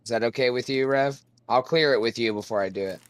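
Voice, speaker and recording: A man with an ordinary pitch teases his friends in a loose chat, swearing freely and taking his time. The sound is dry and close, with no room around it. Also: fast, no room sound. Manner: profane, teasing, laid-back. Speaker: call participant. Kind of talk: casual chat on a voice call.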